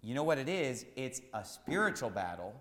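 A man preaching a sermon as pastor, emphatic and repetitive, rising to shouts at times. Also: mid-range voice, big pitch swings, moderate pace, reverberant, big-room sound, background noise.

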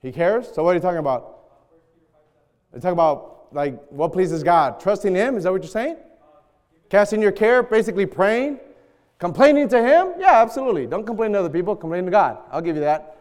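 A man preaching a sermon, bantering loudly with the congregation in call and response. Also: sits high, animated, a little fast. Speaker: pastor. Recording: long hall reverb.

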